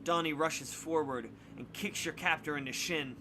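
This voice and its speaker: A man reading a spooky choose-your-path book aloud with dramatic, expressive narration. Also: on the high side, normal speed, a little hiss or hum. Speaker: storybook reader on a stream.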